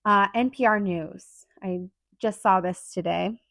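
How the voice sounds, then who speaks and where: A woman's voice: mid-range voice, measured pace, gravelly, fairly bright tone, no room sound. A woman hosting her own podcast, talking earnestly and emphatically in a rambling solo monologue with lots of fillers. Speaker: podcast host.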